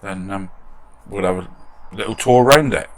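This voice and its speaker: A man's voice: deep voice, moderate pace. A British man hosting a model restoration channel, chatting casually in his shed workshop and reading out viewer comments with self-deprecating humour.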